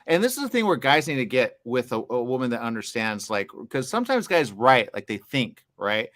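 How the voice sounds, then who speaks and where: Quick jokey guy interviewing filmmakers, trips over his words a lot. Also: medium pitch, sing-song, a bit bright. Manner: fast, stammering, jokey. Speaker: festival interviewer. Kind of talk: casual red-carpet interview.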